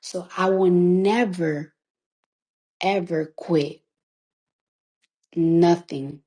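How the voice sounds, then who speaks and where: A woman recording artist, tearful, speaks on a phone livestream in a warm, low-leaning voice that is extremely slow with fairly even intonation. Her emotional monologue is emphatic and defiant, full of free swearing and lines repeated to drive them home.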